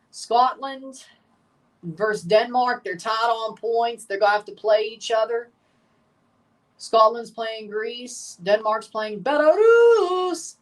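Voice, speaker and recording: Streaming his reaction to a football game, this high-voiced man alternates between low grumbles and sudden loud, exasperated outbursts. He's excitable and sits somewhat back from the microphone, giving his voice a slightly distant sound.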